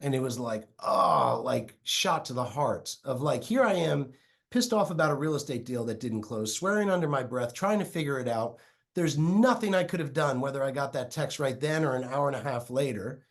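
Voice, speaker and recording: A middle-aged man tells a story as a podcast guest. He speaks from a small home office and acts out the lines he quotes. His voice sits at an everyday pitch. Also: animated, brisk. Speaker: real estate investor and guest.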